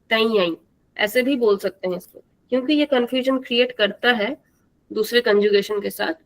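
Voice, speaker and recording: A woman teaching a live online language class, slow and patient, repeating words for the students to drill. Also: on the high side, gravelly, rough recording.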